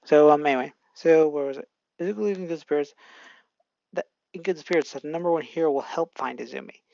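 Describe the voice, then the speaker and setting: Casual fan narrator, gravelly, rambling restarts, dull dry home mic. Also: mid-range voice, fast talker, darkish tone, dry recording. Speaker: fan fiction storyteller. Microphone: home microphone.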